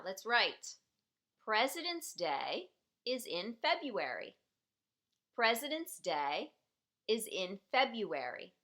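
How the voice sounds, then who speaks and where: A woman's voice: mid-range voice, bright, forceful tone. A woman teaching a citizenship preparation class, patiently repeating each question and sentence so learners can follow. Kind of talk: slow, clearly enunciated teaching.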